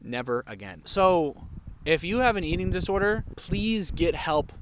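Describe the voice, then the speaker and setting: Young male vlogger, slightly higher pitch, candid and animated personal storytelling. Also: a little slow, background noise. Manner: candid, animated, heavy use of "like".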